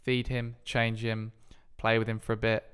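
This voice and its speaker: A man's voice: fairly low pitch, completely flat delivery, normal speed, fairly bright tone, clear, resonant tone. A young man co-hosting a podcast, chatting casually with a teasing, sarcastic edge. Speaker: podcast co-host. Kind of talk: casual chat.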